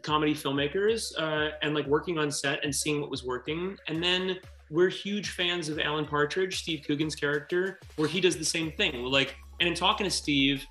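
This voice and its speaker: A man, a filmmaker guest, chatting in an interview, telling stories quickly and acting out quotes. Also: on the high side, echoey room. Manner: animated, quick storytelling, acts out quotes. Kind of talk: casual interview chat.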